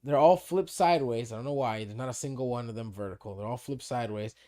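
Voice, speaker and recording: A man's voice: mid-range voice, fast, dark tone. A man co-hosting a podcast, telling a story in a loose, swearing way and acting out who said what. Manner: swears freely, acts out quoted dialogue. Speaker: podcast co-host. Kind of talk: casual storytelling chat.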